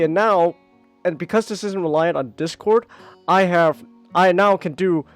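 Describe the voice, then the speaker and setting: A man streaming live and chatting casually, animated and swearing often, breaking into high whoops. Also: gravelly.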